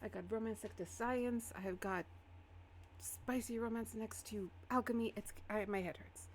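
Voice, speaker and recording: A woman's voice: a little high, steady tone, moderate pace, slight background noise, lightly acted. A woman voicing a fussy, dramatic male flame-spirit librarian who gets flustered and exasperated. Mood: excited.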